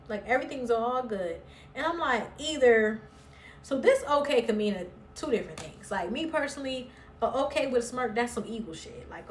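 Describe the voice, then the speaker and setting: A woman's voice: on the high side, animated, moderate pace, a little hiss or hum. A woman chatting bluntly and sassily as she recaps a reality show, swearing freely. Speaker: recap vlogger. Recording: roomy echo, somewhat far from mic.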